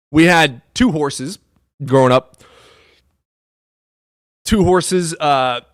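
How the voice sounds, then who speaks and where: A man from the US Midwest chats on a casual livestream, profane and animated, swinging between loud outbursts and low mutters. The sound is clean studio audio with no echo.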